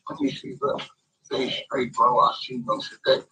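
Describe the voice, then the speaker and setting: A man's voice: medium pitch, wildly swooping pitch, normal speed, vocal fry, pushed and bright, a little hiss or hum, low-quality recording. Brash, profane man on a livestream. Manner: brash, profane, repeats "bro" constantly. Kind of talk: casual livestream rant.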